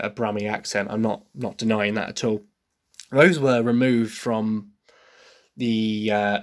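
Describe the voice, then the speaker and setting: A man's voice: medium pitch, a bit bright. A man from Essex with a faint Essex accent, hosting a solo podcast and thinking aloud as he weighs his own views. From Essex, England. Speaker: podcast host. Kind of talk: solo podcast review monologue.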